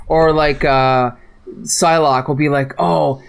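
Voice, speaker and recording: A man's voice: a little high, a little fast. A man hosting a casual comic book podcast, chatty, laughing often and acting out quoted dialogue. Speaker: podcast host.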